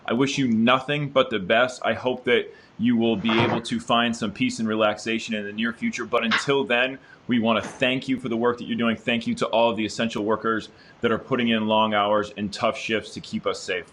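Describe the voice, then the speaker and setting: A man's voice: mid-range voice, level tone, brisk, few pauses, a bit bright. A man hosting an interview over a video call, upbeat and encouraging, with frequent fillers. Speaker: interviewer and host.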